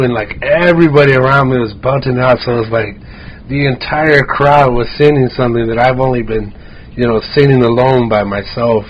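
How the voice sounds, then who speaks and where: A man from Arizona, a podcast guest, telling animated stories in casual chat, swearing a lot and acting out quotes. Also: medium pitch. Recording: dull lo-fi sound with faint hiss.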